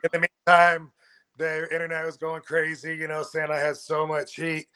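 A man's voice: fairly high pitch, monotone, normal speed, sharp tone, clear, resonant tone. A man of about fifty chatting as a podcast guest, rambling with many fillers and restarts. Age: 50s. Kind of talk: casual podcast chat.

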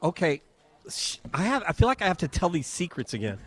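A man's voice: sits high, sing-song, brisk, breathy edge. A man hosting a live radio talk show from a home and garden show, chatting, joking and reading ads.

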